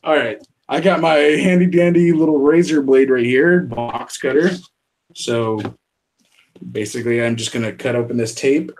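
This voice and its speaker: A man's voice: medium pitch, moderate pace, darkish tone. A man hosting a podcast and unboxing a package live, talking casually and laughing often at himself. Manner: laughs often, self-deprecating. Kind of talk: casual chat.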